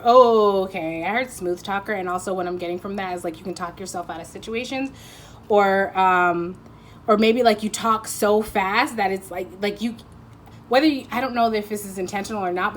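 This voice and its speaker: A woman's voice: medium pitch, fairly bright tone, slight background noise. A woman giving a casual intuitive card reading, rambling and chatty with lots of fillers and frequent laughs. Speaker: tarot reader.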